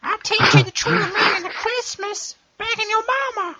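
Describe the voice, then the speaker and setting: A woman putting on a squeaky, cartoonish prankster voice with a singsong, mocking delivery, on a dull lo-fi recording. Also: fairly even intonation, moderate pace, pushed and bright, no echo. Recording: dull lo-fi recording with faint noise.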